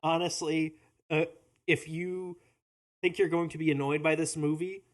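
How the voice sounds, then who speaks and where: A podcast co-host in casual chat reviewing a movie at home, opinionated and quick with asides. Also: mid-range voice, flat delivery.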